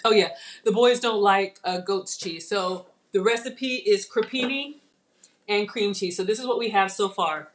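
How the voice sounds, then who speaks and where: A woman's voice: mid-range voice, a little slow. Lady hosting a live cooking stream, chatty, takes her time explaining each step. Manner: chatty, talks viewers through each step. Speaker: channel host. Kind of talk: live cooking demo chat.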